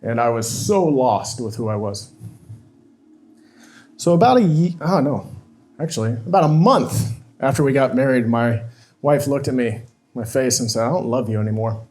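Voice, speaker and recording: A man's voice: medium pitch, lively intonation, moderate pace, pauses often, a little mellow. A man on stage telling a painful personal story, emotional and confessional, acting out the dialogue he quotes. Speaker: speaker. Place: stage at a live talk event.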